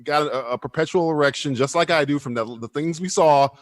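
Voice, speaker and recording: A man's voice: fairly high pitch, a little fast, no echo, studio quality. A man hosting a casual livestream talk show, running a quiz game with rowdy joking, frequent swearing and stammered restarts. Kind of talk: casual profane livestream banter.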